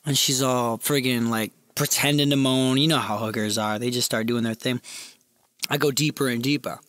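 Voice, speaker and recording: A man's voice: mid-range voice, fairly even intonation, moderate pace, a bit bright. A man telling a crude, rambling comedic story in a casual ASMR storytelling style.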